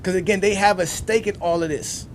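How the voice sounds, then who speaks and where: A man hosting a sports debate show, ranting emphatically and repeating himself, swinging from loud outbursts to low muttering. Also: steady tone, a little fast, a little hiss or hum. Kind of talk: ranting commentary.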